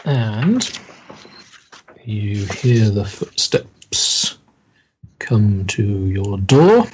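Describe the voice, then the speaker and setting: A man's voice: lowish voice, sing-song, extremely slow, slight background noise. A man narrating a tabletop horror game as game master, hesitant, with many ums.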